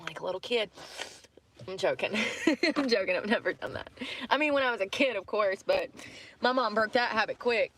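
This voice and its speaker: A woman's voice: mid-range voice, lively intonation, brisk, a bit bright, a little hiss or hum. A woman vlogging casually, rambling through asides and laughing often. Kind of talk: casual chat to camera.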